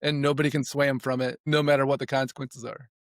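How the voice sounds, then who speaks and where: A man's voice: medium pitch, flat delivery, fast talker, no echo, studio quality. A man talking casually and reflectively as a podcast guest, rambling with restarts. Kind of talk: casual conversation.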